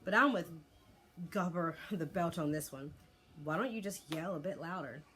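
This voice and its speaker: A woman reading aloud voices a gloomy, awkward young boy who talks in a slow, glum drawl. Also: on the low side, a bit bright, lightly acted.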